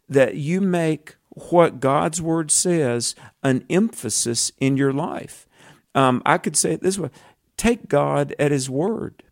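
A man's voice: mid-range voice, dry recording, clean studio sound. A man co-hosting a conversational Bible teaching, earnest and reflective, quoting scripture as he talks. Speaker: co-host.

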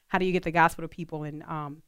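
A woman's voice: sits low, steady tone, fast, a bit bright, clean tone, no echo, studio quality. A woman co-hosting a radio talk show, chatting earnestly with plenty of fillers. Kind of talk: casual talk radio chat.

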